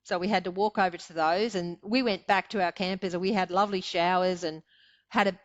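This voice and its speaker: A woman's voice: lowish voice, fairly even intonation, a little fast. An older Australian woman telling her story as a guest, chatty and rambling with fillers and frequent laughter. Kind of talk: casual storytelling interview. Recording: dull lo-fi audio.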